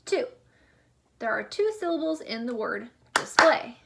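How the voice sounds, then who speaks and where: A young woman teaching a remote lesson to young schoolchildren, speaking slowly and clearly with a drawn-out teacher delivery. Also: on the high side, expressive, heavy background noise. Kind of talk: remote class video lesson.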